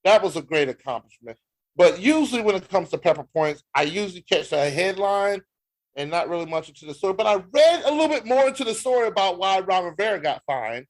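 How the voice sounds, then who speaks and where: A man's voice: high voice, very animated, a little fast. A man with an American accent co-hosting a sports podcast in a joking, slangy way. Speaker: podcast co-host. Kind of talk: casual sports chat.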